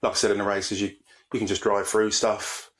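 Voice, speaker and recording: A man's voice: fairly low pitch, flat delivery, fairly quick. A man co-hosting a podcast, chatting in an easygoing way and explaining things at length. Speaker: podcast co-host. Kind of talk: casual chat.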